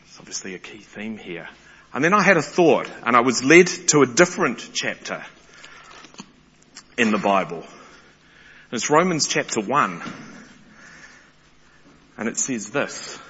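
A man preaching a sermon, animated and excitable, often restarting his words. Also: mid-range voice, measured pace, long pauses, slightly rough. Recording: muffled sound in a large reverberant hall.

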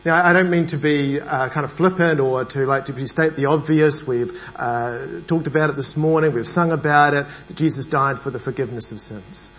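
Male preacher, a bit high, hesitant delivery, dull church recording with hum. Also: normal speed, few pauses. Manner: hesitant, many fillers, grows animated. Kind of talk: sermon.

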